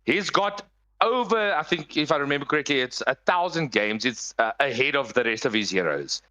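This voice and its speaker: Brief: male esports caster on a headset, bright tone, lively pitch, analytical play-by-play that jumps up in fights. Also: a little fast. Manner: analytical, gets excitable in big plays. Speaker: esports commentator. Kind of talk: live game commentary.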